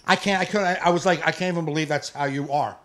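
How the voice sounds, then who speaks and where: A man co-hosting a live podcast, ranting in casual chat, profane and fired up, with bursts of yelling. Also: fairly high pitch, fast. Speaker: podcast co-host.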